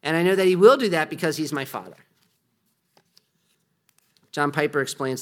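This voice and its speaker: A man's voice: fairly high pitch, moderate pace, long pauses. A man preaching a sermon in an earnest, conversational way, asking the listeners rhetorical questions. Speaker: pastor.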